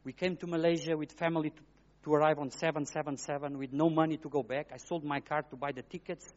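A middle-aged man giving an emotional testimony sermon as a guest preacher, in simple, broken phrasing, swinging between hushed and loud. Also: on the high side, fairly even intonation, fast talker. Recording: dull lo-fi recording.

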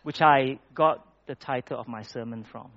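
A man's voice: mid-range voice, a bit bright. Man preaching a sermon on a dull recording. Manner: conversational, with halting restarts. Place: church hall with projected slides.

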